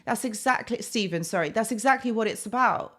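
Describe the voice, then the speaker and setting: A woman's voice: a little high, brisk. A woman hosting a live stream, talking casually to her chat, with many fillers and tag questions.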